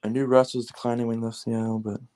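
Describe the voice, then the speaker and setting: A man's voice: medium pitch, quick pace. Profane, heated man ranting about football. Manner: profane, heated, animated ranting with frequent fillers. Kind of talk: casual sports rant.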